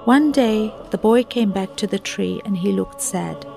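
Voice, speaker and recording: A woman narrating a moral storybook tale in a calm, earnest read-aloud manner. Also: mid-range voice, measured pace, creaky, soft background music.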